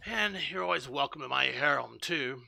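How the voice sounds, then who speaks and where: A man's voice: mid-range voice, animated, normal speed, gravelly, bright, forceful tone, soft background music, heavily acted. A man voicing a tall, scarred male orc boss who talks in a crude, teasing way in a tabletop game. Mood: leering.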